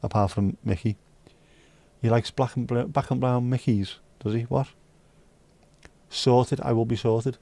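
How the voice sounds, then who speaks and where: A man chats and jokes with his live stream viewers in a loose, bantering way. His voice is mellow and relaxed, recorded close and dry. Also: medium pitch, unhurried, vocal fry, no echo. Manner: chatty, joking, banters with chat and sings snatches. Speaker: livestream host reading chat. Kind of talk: casual chat.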